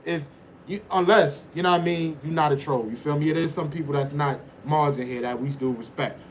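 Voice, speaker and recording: High-pitched new guy running his livestream, teasing the chat, lots of "you know what i'm saying", bit of background hiss. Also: fairly quick. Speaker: livestream host reading chat.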